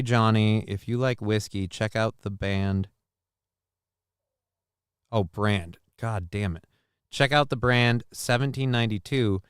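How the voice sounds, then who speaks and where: A man's voice: mid-range voice, fairly bright tone, smooth, no echo, clean studio sound. A man hosting a live talk stream, reacting to clips and reading out chat comments in a loose, profane way. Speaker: livestream talk show host.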